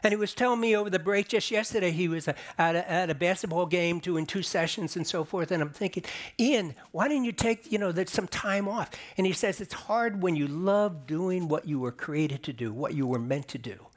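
A man's voice: high-pitched, brisk. A man delivering a sermon as a pastor, explaining scripture in a conversational way and rising for emphasis. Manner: conversational preaching with restarts and emphatic rises. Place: church sanctuary.

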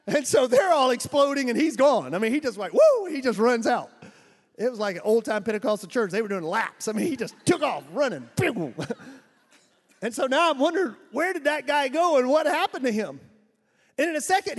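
A man with a strikingly high voice preaches in a church hall, his words trailing into long reverb. He tells missionary stories with animated energy, laughing often and mimicking sounds. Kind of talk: storytelling sermon.

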